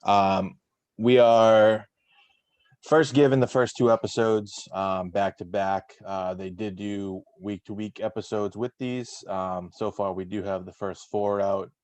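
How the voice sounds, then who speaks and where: Male host, low-pitched, rambling casual chat, dry recording. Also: fairly even intonation, measured pace, darkish tone, no room sound. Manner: rambling, many fillers and restarts. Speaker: podcast host.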